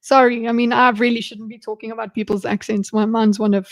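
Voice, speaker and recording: A woman's voice: a little high, little pitch movement, fairly quick. A woman streamer giving casual live commentary on a debate, thinking aloud with frequent restarts.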